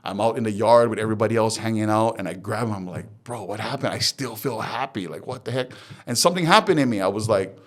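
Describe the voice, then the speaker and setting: A man's voice: on the low side, fast talker, few pauses. A man from Hawaii, a podcast guest, telling his life story candidly and acting out the dialogue he quotes. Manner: animated retelling, acts out quoted dialogue.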